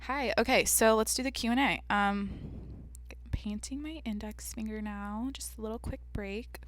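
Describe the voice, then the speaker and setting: A woman's voice: on the high side, moderate pace. A woman hosting her own podcast in a casual, rambling way, with a nasal, slightly congested voice and a joking, profane manner. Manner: rambling, chatty, profane and self-mocking. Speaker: podcast host. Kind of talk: casual solo podcast chat.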